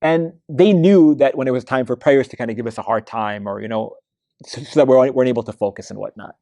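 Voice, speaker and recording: A man's voice: mid-range voice, fast talker, warm tone, no echo. A man giving a weekly Quran study lecture, telling stories in a conversational way with many fillers and restarts. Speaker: religious lecturer. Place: mosque lecture hall.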